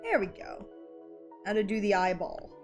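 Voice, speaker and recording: A woman's voice: mid-range voice, very animated, moderate pace, faint music behind. A woman streaming while drawing, chatting casually in a rambling, giggly way and swearing now and then. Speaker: art streamer.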